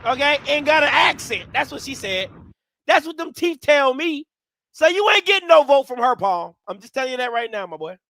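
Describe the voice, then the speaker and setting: A man's voice: extremely high pitch, big pitch swings, normal speed, gravelly, bright, forceful tone. A man hosting a live reaction stream, talking in a blunt, slangy, joking way with lots of energy. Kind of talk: casual live reaction commentary.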